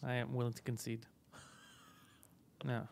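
A man's voice: mid-range voice, completely flat delivery, measured pace, vocal fry, darkish tone, a little hiss or hum. A man hosting a podcast in casual chat, laid-back and self-mocking, swearing freely. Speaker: podcast host.

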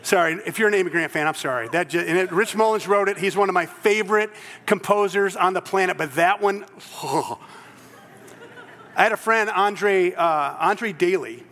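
Pastor, male, high bright voice, animated storyteller, church hall echo. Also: moderate pace. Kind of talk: sermon.

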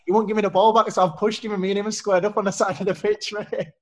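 Man, Yorkshire accent, casual podcast chat, matey and laughing, higher-pitched. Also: little pitch movement, quick pace. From England (Leeds). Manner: laughing, matey, peppers talk with "mate". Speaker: footballer guest on a podcast.

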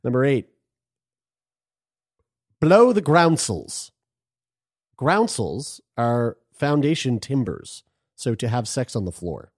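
A man's voice: mid-range voice, a little slow, dry recording, studio quality. A man co-hosting a casual podcast, reading items aloud in a crude, joking manner. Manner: animated, crude, laughs while reading. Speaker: podcast co-host.

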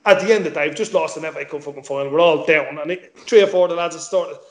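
Speaking very fast in a slightly high voice, this man tells a football story casually, cursing liberally and voicing the quoted lines himself. He's a former footballer on as a guest, and the sound has a reverberant quality.

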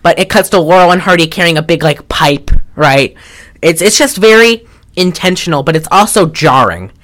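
A woman co-hosts a casual film podcast, rambling, restarting often and swearing freely. Her lowish voice is expressive and fairly bright, at a normal speed.

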